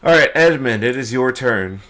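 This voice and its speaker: A man acting as game master, running a tabletop game in a relaxed, self-deprecating way and counting out moves aloud. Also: mid-range voice, moderate pace.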